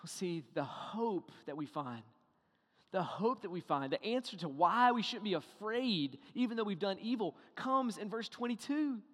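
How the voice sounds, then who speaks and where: High-voiced animated male preacher. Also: normal speed, big-room sound. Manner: animated, rhetorical questions, acts out dialogue. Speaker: pastor. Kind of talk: sermon.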